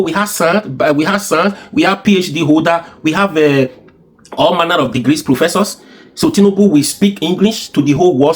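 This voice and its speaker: A man's voice: a little high, breathy edge. A man with a Nigerian accent giving heated, insistent commentary full of rhetorical questions and repetition. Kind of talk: opinionated political commentary.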